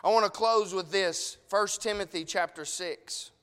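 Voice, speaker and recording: A man's voice: high voice, measured pace, fairly bright tone, clear, resonant tone, in a large hall. A man preaching a sermon, emotional and tearful, pressing his listeners with pleading questions.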